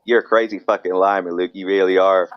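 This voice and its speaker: A man's voice: deep voice, steady tone, fairly quick, clear, resonant tone, no echo, highs cut off. A man with a British accent co-hosting a casual movie-watching podcast, blunt and swearing heavily in banter. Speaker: podcast co-host.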